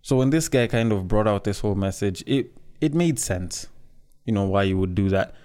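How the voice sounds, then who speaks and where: Frank, low-voiced man commenting casually. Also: normal speed, dark tone. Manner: frank, conversational, swears freely.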